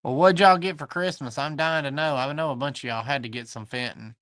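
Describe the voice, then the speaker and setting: A man's voice: on the high side, fairly quick, a bit bright, clean tone, no room sound. A man with a Southern US accent hosting a live online antique sale from his shop, chatting folksily and greeting viewers by name. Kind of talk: livestream chat, reading viewer comments.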